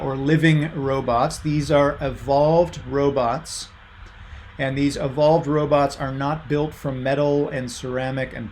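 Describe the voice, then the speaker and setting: Gravelly-voiced man lecturing online. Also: mid-range voice, slight background noise. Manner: casual, many fillers, reads out student chat answers. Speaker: university lecturer.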